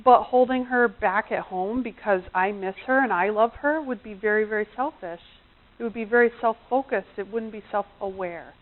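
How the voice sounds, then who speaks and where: A middle-aged woman with a mid-range voice speaks at normal speed as a coach giving a chatty seminar talk on relationships in a seminar room. She often acts out the voices of the people she quotes, and the recording is tinny and phone-like.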